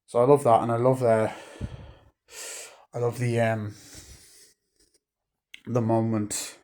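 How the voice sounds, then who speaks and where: A man's voice: mid-range voice, level tone, slow pace, darkish tone. A man casually reviewing a movie, rambling with lots of fillers and acting out lines from scenes.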